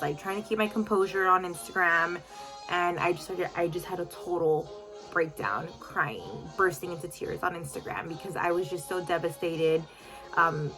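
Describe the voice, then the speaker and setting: Woman, storytime vlog, chatty, emotional, fillers, lowish pitch, faint music. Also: bright, forceful tone. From United States. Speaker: boutique owner telling a story to followers.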